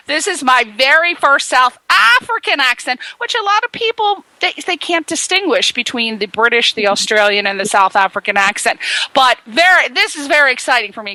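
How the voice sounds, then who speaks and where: A woman's voice: sharp tone, no echo, low-quality recording. A woman hosting a radio talk show, chatty and jokey, rambling through plugs and introductions. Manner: bubbly, jokey and rambling, with big swoops of pitch. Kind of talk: chatty radio host patter.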